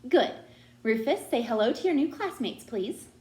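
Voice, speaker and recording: Woman as a coaxing schoolteacher, bright lively pitch, echoey room. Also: normal speed, lightly acted. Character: grade-school teacher, woman, brisk and kindly. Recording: roomy echo.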